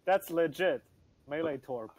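A man's voice: fairly high pitch, animated, a little slow, a little mellow, dry recording, rough recording. A man chatting casually with a friend while playing a game. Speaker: gamer. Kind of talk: casual gameplay chat.

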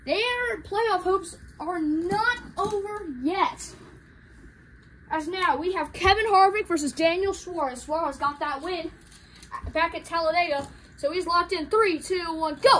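Very high-voiced excitable woman commentator. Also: a little hiss or hum. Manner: excitable, rushed, rising to shouts at finishes. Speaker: race commentator. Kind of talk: hobby race commentary.

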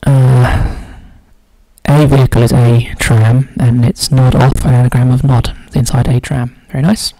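A man's voice: mid-range voice, level tone, measured pace, warm tone, no echo, low-quality recording. A man solving a crossword aloud, musing and muttering clues half to himself. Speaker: crossword solver. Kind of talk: thinking aloud while solving a puzzle.

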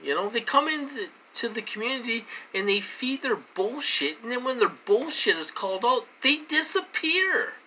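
An adult from the United States ranting to camera in a casual vlog, agitated and repetitive, cursing, with a voice that jumps high when indignant. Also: very animated, moderate pace, few pauses, bright, forceful tone, slight background noise. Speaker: vlogger.

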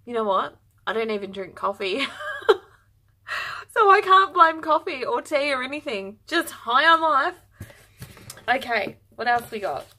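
A woman's voice: high-pitched, lively intonation, measured pace, long pauses, sharp tone. A woman vlogger chatting through an unboxing, bubbly and gushing, easily overexcited. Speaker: yarn vlogger. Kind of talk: casual unboxing chat.

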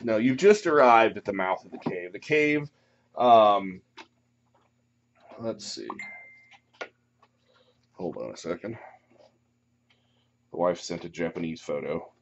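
Man, dungeon master, low voice, relaxed rambling delivery, dull lo-fi sound, faint hiss. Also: takes it slowly, long pauses. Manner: relaxed, rambling, many ums. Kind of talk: running a tabletop game. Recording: muffled lo-fi recording.

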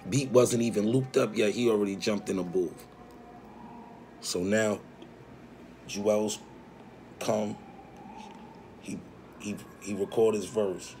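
A man's voice: fairly low pitch, darkish tone. A man casually telling a story in slang, acting out what people said, with faint background noise. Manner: slangy, acts out quoted dialogue.

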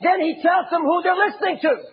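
A man preaching an impassioned sermon as a pastor, often raising his voice to a shout. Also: very high voice, a little fast, highs cut off.

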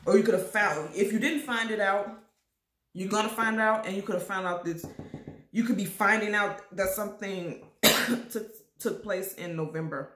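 A woman giving a casual tarot reading straight to her viewers, stressing her points by saying them again and again. She keeps coughing and clearing her throat as she talks. Her voice carries a roomy echo from the space around her. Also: medium pitch, steady tone, moderate pace, a bit bright. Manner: repetitive, emphatic, addresses viewers directly. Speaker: tarot reader.

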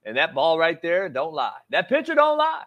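A man putting on a loud, high-pitched football coach voice that scolds a player and keeps calling him "son". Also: huge pitch swings, normal speed. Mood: scolding. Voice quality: shouts and drawls "son" at the end of lines. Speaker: sports show host. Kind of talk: film-breakdown sports commentary.

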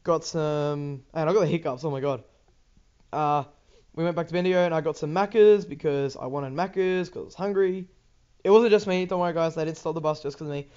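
A man's voice: on the high side, fairly quick, a little mellow, smooth, muffled recording. A teenage boy with an Australian accent, rambling casually over gameplay with lots of ums, restarts and swearing. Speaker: gaming YouTuber.

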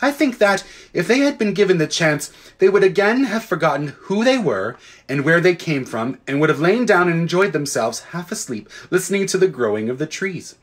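A man reading a children's fantasy book aloud in an expressive, lively way, with casual asides to listeners. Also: on the high side, moderate pace. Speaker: audiobook reader. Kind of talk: storybook read-aloud.

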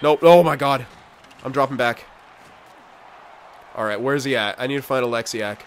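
A young man giving live commentary on his own hockey video game play, excitable and swearing loudly at the computer players. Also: mid-range voice, normal speed, slight background noise. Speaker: gameplay commentator.

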